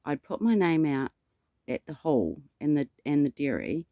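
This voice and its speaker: A man's voice: on the high side, very animated, normal speed, no room sound, highs cut off. Rambling New man preaching. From New Zealand. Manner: meandering storyteller, dramatic asides. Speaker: self-styled prophet. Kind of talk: rambling spiritual monologue.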